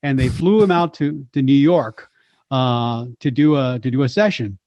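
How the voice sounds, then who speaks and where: A man's voice: mid-range voice, normal speed, dry recording. A man, a voice actor and impressionist, telling stories animatedly as a guest in a chat. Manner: animated storyteller, slips into voices. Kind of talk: storytelling chat. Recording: slightly dull lo-fi sound.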